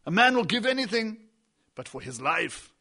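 A man preaching a sermon emphatically, with repeated phrases and swings between loud and hushed delivery. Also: high-pitched, sing-song, normal speed.

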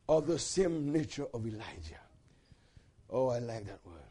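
A man preaching a sermon with passion, swinging from shouted peaks to hushed low passages and calling out questions to the congregation. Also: big pitch swings, normal speed, long pauses, breathy edge.

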